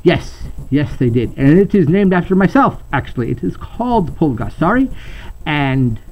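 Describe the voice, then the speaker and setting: A man's voice: fairly high pitch, very animated, normal speed, pitched above the performer's own voice. A man voicing a tiny, chatty male dinosaur monster who rambles earnestly about his past. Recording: slightly muffled home recording.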